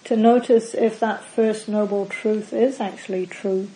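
On a low-quality recording, a woman with a medium-pitched voice leads a group through a dharma talk as a meditation teacher. She stays calm and measured, listing single words whose endings trail away.

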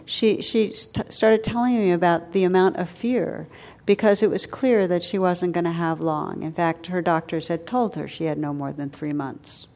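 A woman giving a dharma talk as a meditation teacher, speaking gently and reflectively with soft, slow pauses. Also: on the low side.

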